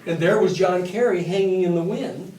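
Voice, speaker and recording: A man lecturing a university class, telling stories in a blunt, animated and profane way. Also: high voice, moderate pace. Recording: echoey classroom from a distance.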